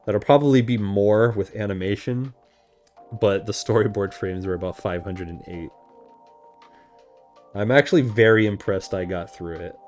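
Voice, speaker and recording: Young guy streamer, lowish voice, chatty and animated, laughs a lot. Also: moderate pace, long pauses, soft background music. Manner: animated, laughs often, swears casually. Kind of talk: casual livestream chat.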